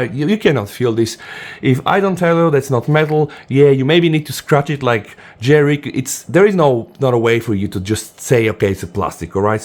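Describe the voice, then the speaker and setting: A man's voice: on the high side, a little mellow. Eager man reviewing a phone. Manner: enthusiastic, often says "guys". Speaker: tech reviewer. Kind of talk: casual unboxing review.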